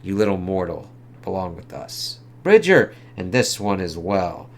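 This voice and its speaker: A man's voice: sits low, big pitch swings, a little slow, gravelly, heavily acted. A man reading a menacing comic demon. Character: possessive male demonic being, menacing.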